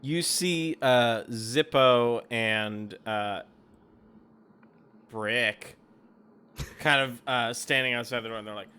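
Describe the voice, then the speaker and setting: A man running a tabletop game as game master, narrating in a loose, giggly way. His voice is bright and at a middle pitch. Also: slow, pauses often, clean tone.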